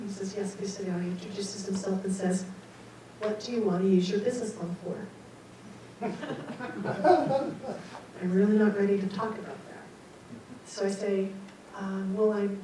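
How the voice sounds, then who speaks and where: A woman storyteller addresses a meeting, animated and self-mocking as she acts out each exchange. Her voice sits in a middle range and carries a strong hall echo. She is heard from some distance over faint background noise. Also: medium pitch. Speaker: guest speaker. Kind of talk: personal storytelling talk. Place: lecture room.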